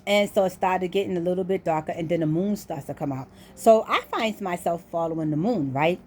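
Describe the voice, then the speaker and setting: A woman's voice: fairly low pitch, fairly quick, noisy background. A woman casually telling a story to her viewers, acting out what the people in it said. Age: adult. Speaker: vlogger.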